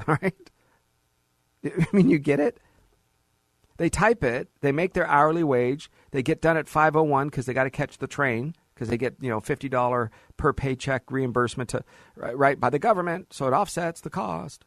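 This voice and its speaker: A man's voice: fairly high pitch, normal speed, no echo, studio quality. A middle-aged man hosting a financial advice show, telling client stories and mocking bureaucrats in quoted asides. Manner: animated storyteller, mocking voices in quoted asides. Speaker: financial radio host. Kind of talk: conversational radio advice talk.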